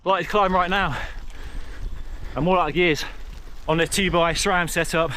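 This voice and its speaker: A man talking through a bike review in a measured, conversational way. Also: high voice, fairly even intonation, sharp tone, a little hiss or hum. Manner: measured, conversational product comparison. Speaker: cycling reviewer.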